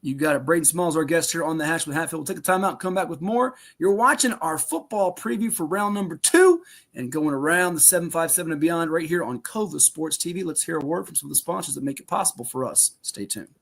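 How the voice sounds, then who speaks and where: A man hosting a sports podcast, asking quick questions in an upbeat, easygoing manner. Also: fairly high pitch, animated, vocal fry, a bit bright. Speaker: podcast host.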